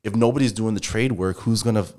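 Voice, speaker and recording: A man's voice: fairly low pitch, quick pace. A man, a contractor, talking casually as a podcast guest, rambling with lots of filler phrases. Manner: relaxed, rambling, heavy use of filler phrases.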